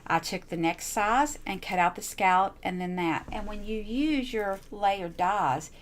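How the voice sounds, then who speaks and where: A woman's voice: mid-range voice, unhurried. A woman chatting casually as she shows off her handmade crafts, gushing and repeating herself. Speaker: crafting channel host. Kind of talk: casual show-and-tell crafting chat.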